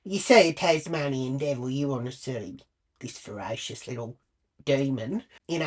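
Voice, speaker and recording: A woman's voice: low voice, breathy edge. An Australian woman telling a blunt, crude storytime full of swearing. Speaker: vlogger. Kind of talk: storytime monologue.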